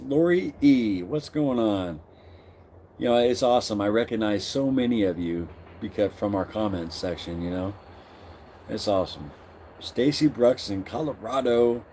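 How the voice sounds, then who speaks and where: A man's voice: mid-range voice, dark tone, slight background noise. A middle-aged man hosting a casual live stream, greeting viewers by name and reading their comments aloud.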